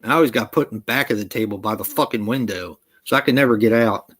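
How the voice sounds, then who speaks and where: A man's voice: on the low side, fast, a bit bright, breathy edge. A middle-aged man chatting casually, laughing often and swearing freely. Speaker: podcast co-host. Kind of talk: casual chat.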